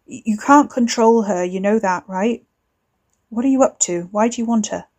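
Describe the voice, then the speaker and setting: A woman's voice: mid-range voice, moderate pace, mellow, close to an everyday voice. A woman voicing a tense young man who answers in clipped, bitter, defensive lines.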